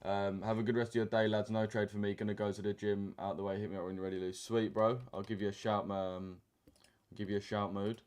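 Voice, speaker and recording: Laid-back man, low voice. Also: level tone, quick pace, a little mellow, clean tone. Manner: laid-back banter with slang, reading chat aloud. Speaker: trading stream host. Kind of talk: casual live-stream chat over charts. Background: keyboard typing and mouse clicks.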